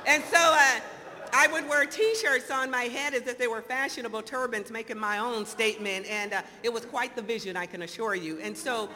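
A woman in her fifties telling her recovery story to an audience in an animated, storytelling way, acting out the dialogue. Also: a little high, normal speed. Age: 50s. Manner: animated storyteller, acts out dialogue, laughs often. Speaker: speaker sharing recovery story. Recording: hall reverb, faint noise.

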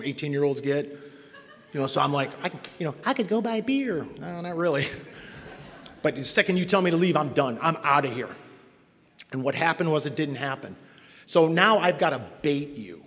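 Animated middle-aged man telling stories in a hall. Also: fairly high pitch. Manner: animated, acts out voices in quotes, self-mocking. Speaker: speaker sharing a recovery story. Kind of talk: storytelling to an audience.

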